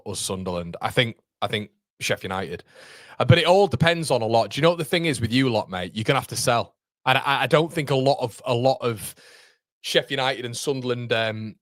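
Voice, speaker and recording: A man hosting a live football watchalong. He is excitable and shouts at the players one moment, then chats easily with viewers using British slang like mate and lads. His voice sounds dry and close, with no room around it. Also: on the low side, dry recording. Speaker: live-stream watchalong host.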